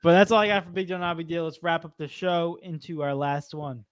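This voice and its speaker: A young man co-hosting a casual sports podcast, easygoing and quick to laugh, on a computer mic. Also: on the high side, clean tone, no echo, studio quality. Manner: easygoing, laughs often, laid-back predictions. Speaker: podcast co-host.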